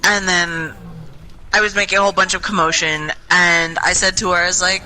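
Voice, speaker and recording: A woman's voice: lowish voice, fairly even intonation, moderate pace, bright, forceful tone, a little hiss or hum, poor audio. A young woman telling a rambling, self-mocking story in casual chat over voice chat while gaming. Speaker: gaming group member.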